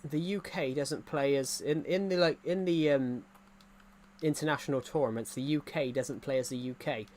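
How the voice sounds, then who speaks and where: A young man with an English accent, a bit higher-voiced than most men, chats loosely to his viewers while he plays. He repeats himself and restarts his sentences as he rambles from point to point. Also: normal speed, darkish tone. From England. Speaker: gaming streamer. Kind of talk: casual chat while gaming.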